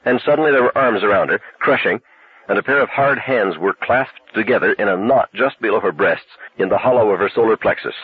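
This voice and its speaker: Husky-voiced male audiobook narrator. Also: lowish voice, fairly quick. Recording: tinny narrow-band recording.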